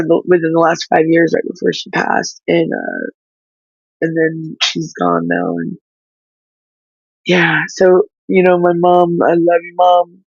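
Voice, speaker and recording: A woman whose child is in foster care, speaking through tears in halting, pleading talk that stops and restarts. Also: low-pitched, creaky, breathy edge, dry recording, dull audio. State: crying, tearful. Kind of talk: emotional livestream talk.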